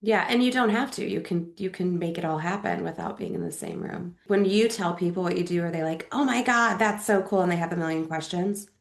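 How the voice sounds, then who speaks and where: A woman hosting a casual interview, a little sick so her voice sits deeper than usual, chatty and enthusiastic. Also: sing-song, a little fast, hardly any pauses. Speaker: podcast host.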